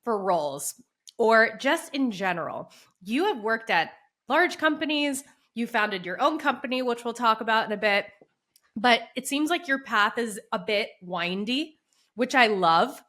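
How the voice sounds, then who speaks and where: A woman's voice: on the high side, animated, measured pace, a bit bright. A woman hosting a career interview, speaking in an encouraging, enthusiastic way. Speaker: podcast host, interviewer. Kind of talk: casual interview conversation.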